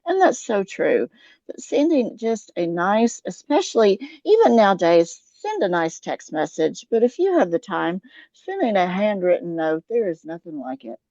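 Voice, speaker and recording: Southern US woman, slow and easygoing podcast co-host, dull dry recording. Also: medium pitch, sing-song, mellow, no room sound. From American South. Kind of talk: casual chat.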